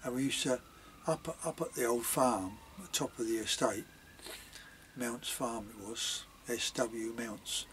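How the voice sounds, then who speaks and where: A man's voice: mid-range voice, unhurried, a bit bright, slight background noise. Older man reminiscing chattily. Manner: chatty, many fillers and asides, dialect grammar. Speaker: vlogger telling childhood memories. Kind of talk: rambling spoken reminiscence.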